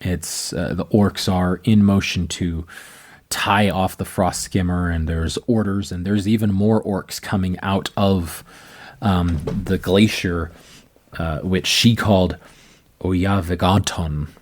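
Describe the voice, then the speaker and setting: Game master, male, very low voice, easygoing rambling narration. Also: steady tone, slow. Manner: loose, rambling narration with many fillers.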